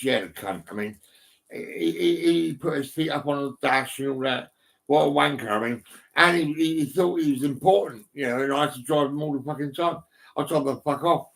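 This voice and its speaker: A man's voice: a little high, creaky, a bit bright. A middle-aged man chatting at home into a phone, rambling with lots of swearing, ums and restarts. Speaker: vlogger. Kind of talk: casual rambling chat. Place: indoors at home, on a settee.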